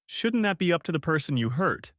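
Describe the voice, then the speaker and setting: A man's voice: fairly high pitch, big pitch swings, brisk, a bit bright, no room sound, studio quality, voice pushed up. Man doing a stern scolding mother. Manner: blunt, scolding.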